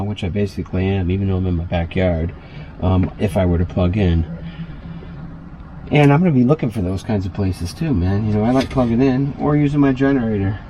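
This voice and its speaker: Easygoing male vlogger, low mellow voice, rambling cooking chat, small camper kitchen, faint hiss behind. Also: low-quality recording. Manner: chatty, loose, lots of fillers and asides. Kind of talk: casual rambling cooking vlog.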